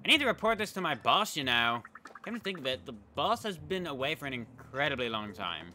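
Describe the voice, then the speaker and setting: A man's voice: a little high, very animated, brisk, sharp tone, a little hiss or hum, full character voice. A man voicing a cheerful, curious young paper girl with a put-on European accent, eager and chatty. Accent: European-tinged, put on. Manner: eager, wide-eyed and chatty. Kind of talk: reading game dialogue aloud.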